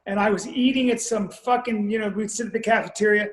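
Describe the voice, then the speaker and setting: A man co-hosting a podcast, telling a story in relaxed casual chat and swearing freely. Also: high-pitched, fast talker, echoey room. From grew up abroad, moved to America as a teen. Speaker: podcast co-host.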